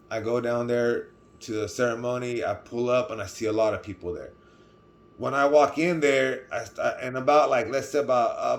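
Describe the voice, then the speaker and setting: A middle-aged man with a Californian accent telling a personal story in a casual vlog, rambling with restarts and asking "right?" as he goes. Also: mid-range voice. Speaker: vlogger.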